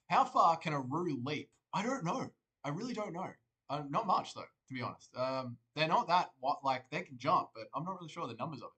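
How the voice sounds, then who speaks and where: A man's voice: medium pitch, animated, moderate pace, bright, forceful tone, rough recording. An Australian man streaming live, joking, rambling and swearing as he reads viewer comments aloud. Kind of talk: casual livestream chat.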